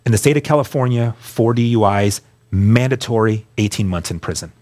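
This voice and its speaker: A man's voice: on the low side, brisk, darkish tone. A middle-aged man earnestly telling his life story as a guest, stumbling over repeated words and acting out what others said. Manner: earnest, repeats words when emotional, acts out quoted voices. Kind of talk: conversational storytelling on a radio show.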